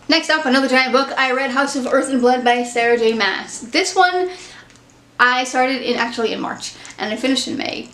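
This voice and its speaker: Brief: woman vlogger, fairly high voice, chatty book talk, roomy echo. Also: a bit bright. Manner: chatty, candid, opinionated. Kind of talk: casual book review chat.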